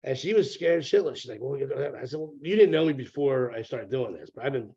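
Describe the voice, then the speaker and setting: A mellow, warm-toned man speaks in a casual interview, rambling through repeated words and dropping the odd curse. His voice arrives over a dull, lo-fi remote line. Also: mid-range voice, animated, quick pace, slightly rough. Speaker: real estate broker, podcast guest.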